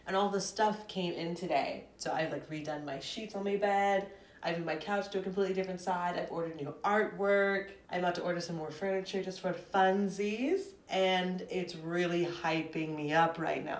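A young woman hosting her own podcast alone, chatting and ranting in a sassy, dramatic way from her apartment. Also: fairly low pitch. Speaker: podcast host. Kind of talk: solo chatty podcast rant. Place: apartment at home. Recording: roomy echo.

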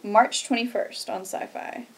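A woman's voice: fairly high pitch, fairly even intonation, measured pace. Giggly woman co-hosting a podcast. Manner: giggly, hesitant, many ums. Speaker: podcast co-host. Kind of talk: casual chat.

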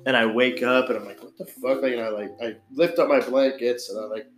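A man's voice: mid-range voice, fairly even intonation, a little fast. A young man telling a crude party story in casual chat, rambling and full of "like". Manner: rambling, crude, filler-heavy with frequent "like". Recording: echoey room with faint guitar music.

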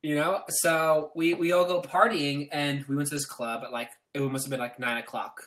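A man's voice: on the high side, steady tone, normal speed, a bit bright. A man chatting as a podcast guest, telling rambling stories that are full of restarts and laughter. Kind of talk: casual chat.

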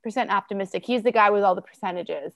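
A woman co-hosting a casual chat, talking in a chatty, distracted way with quick reactions. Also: medium pitch, a bit bright, dry recording. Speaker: podcast co-host.

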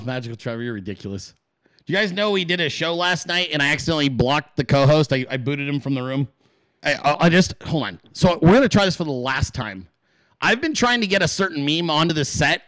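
A man hosting his own show in a loose, swear-heavy rant, his pitch swinging wide as he acts out little voices in his stories. His voice sits a bit high for a man, and the sound is dry and close with no room echo. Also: fairly bright tone. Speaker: podcast host. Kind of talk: casual profane rant.

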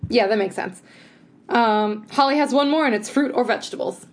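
A woman's voice: on the high side, moderate pace. A woman co-hosting a podcast, chatting casually with lots of fillers and frequent laughs. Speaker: podcast co-host. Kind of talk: casual chat.

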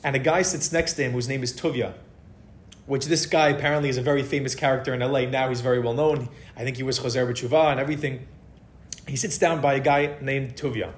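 A man's voice: mid-range voice, quick pace. A man telling a story to a live audience in a casual, conversational way, acting out the dialogue of the people in it. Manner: conversational, animated, acts out dialogue. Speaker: speaker giving a holiday talk. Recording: echoey room.

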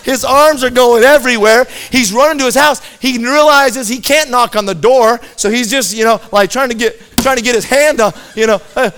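A man with a notably high voice telling a comic story to a listening crowd. He is animated and tends to double up the first word of a sentence as he gets going. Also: normal speed, hardly any pauses, smooth. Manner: animated, repeats words when starting sentences.

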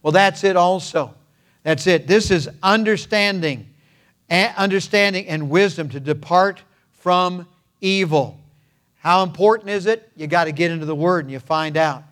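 An older male pastor delivers a sermon in an earnest, measured way. His voice sits a little high for a man, and he leans on repeated phrases and pauses. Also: a bit bright.

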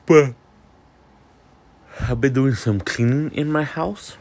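Here the Miami vlog host, a man in his twenties, sounds medium-pitched and darkish, with lively intonation, normal speed and frequent pauses on a dry recording. Sleepy and yawning, he rambles candidly through a casual monologue, using lots of fillers and swearing freely.

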